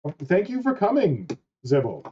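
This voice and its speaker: A man's voice: high voice, wildly swooping pitch, moderate pace, slight background noise. A man hosting a casual online chat, rambling and swearing casually. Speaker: host. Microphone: wrong mic. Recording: dull lo-fi mic.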